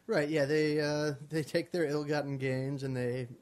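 Male podcast co-host, measured, film chat, slightly higher voice. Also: fairly even intonation, a little mellow. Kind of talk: casual film review chat.

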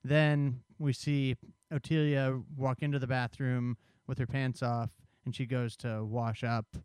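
A man's voice: medium pitch, little pitch movement, a little slow, darkish tone, smooth, dry recording. A man co-hosting a podcast, casually recapping and discussing a film's plot at length. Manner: conversational, explains plot at length. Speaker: podcast co-host summarizing a film.

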